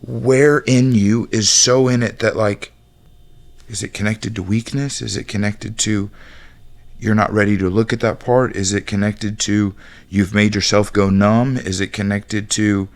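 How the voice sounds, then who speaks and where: A man's voice: on the low side, fairly even intonation, a little slow. A man talking candidly as a coach on a podcast, intense and blunt, swearing freely. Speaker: high-performance coach.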